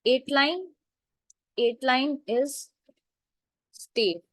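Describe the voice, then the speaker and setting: Woman teacher going over lit terms, slow, keeps saying right? clear?, dry close sound. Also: sits high, fairly bright tone, dry recording, rough recording. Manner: slow, repetitive, checks understanding with "right?" and "clear?". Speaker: literature teacher. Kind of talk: classroom lecture.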